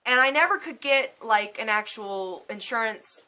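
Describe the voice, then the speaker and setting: A woman in her thirties tells her own story straight to the camera, casual and heartfelt, swearing without a second thought. Her voice sits fairly high and bright, with lively rises and falls in pitch. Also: moderate pace. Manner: emotional, swears freely, animated. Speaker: vlogger.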